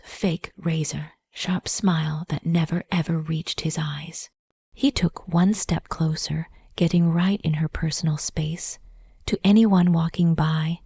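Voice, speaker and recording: A woman tells a dramatic story in whispered role-play, her breathy whisper low, dark and gravelly. The sound is close and dry, with no room around it. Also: no room sound. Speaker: narrator.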